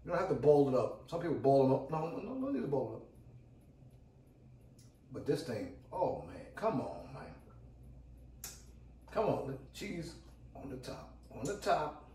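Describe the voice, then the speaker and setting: A man's voice: a little high, sing-song, normal speed, pauses often, dark tone, recorded from a distance. A man hosts a home cooking demo, hyped and repeating himself as he calls out to his viewers. His voice jumps around with lots of expression. He sounds a bit away from the mic in an echoey kitchen with faint background hum. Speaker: cooking channel host.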